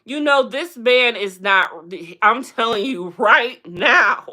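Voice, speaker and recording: A sassy woman hosting a live stream, her voice bright and a little raised in pitch. She rattles through gossip bluntly, her pitch leaping up and down as she calls out to viewers in the chat. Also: expressive, slow, few pauses. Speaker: livestream host.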